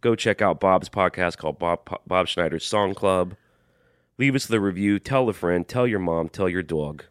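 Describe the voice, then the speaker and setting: A man with a low, clear, resonant voice co-hosts a podcast, chatting casually at a moderate pace and laughing easily. The sound is clean studio audio with no echo.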